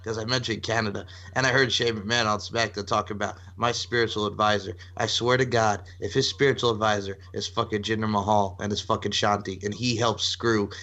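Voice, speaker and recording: Fast-talking guy ranting on a podcast, bright punchy voice. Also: fairly low pitch. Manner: fast, excitable, profane. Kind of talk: casual chat.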